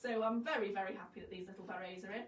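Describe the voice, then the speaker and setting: A woman's voice: mid-range voice, fairly even intonation, rapid-fire. A woman presenting clothes on a live fashion vlog, chatty and jokey, poking fun at herself. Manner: chatty, jokey and self-mocking. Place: shop studio, indoors. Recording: roomy, distant, faint background hum.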